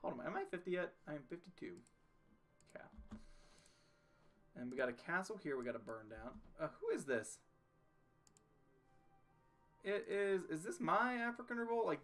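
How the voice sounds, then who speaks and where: Bright-voiced man narrating his gameplay. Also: fairly high pitch. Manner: jokey, talks to himself and the game. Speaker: streamer playing a strategy game. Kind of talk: casual gameplay commentary.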